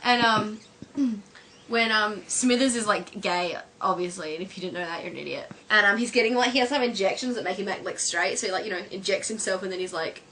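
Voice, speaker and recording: Chatty, giggly woman with a bright voice. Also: medium pitch, fairly quick, a little hiss or hum. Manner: chatty, giggly, full of fillers. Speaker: vlogger. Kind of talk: casual chat, retelling favourite scenes. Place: at home, with her sister filming.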